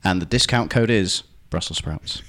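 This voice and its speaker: A man's voice: low voice, normal speed, a bit bright. A man with an English accent, a podcast co-host, bantering and laughing easily. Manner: joking, laughs often, stumbles and restarts. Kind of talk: casual banter.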